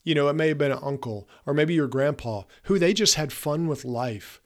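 A man's voice: fairly high pitch, moderate pace. A man in his fifties hosting a podcast, giving an earnest, emphatic motivational talk straight to his listeners. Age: 50s. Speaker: podcast host.

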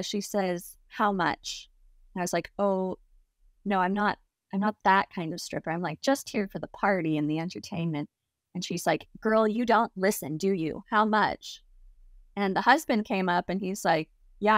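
A woman guest telling a story in a casual, lively way. She laughs often and acts out the people she quotes. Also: mid-range voice, no echo, clean studio sound. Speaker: interview guest.

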